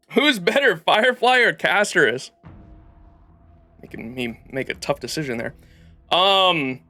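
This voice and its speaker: A man with a bright, clear tone talks loosely over a game stream and reads story text aloud, stumbling and restarting as he goes. Soft game music runs underneath. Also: high voice, lively intonation, slow, long pauses. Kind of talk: casual livestream commentary and lore reading.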